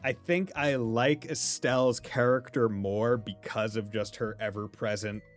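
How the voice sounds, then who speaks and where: A man with a light Rhode Island New England accent streams a game, chatting casually and rambling, often laughing and sometimes swearing. His mid-range voice holds a steady tone at a slightly slow pace over soft background music. He's from Rhode Island, USA.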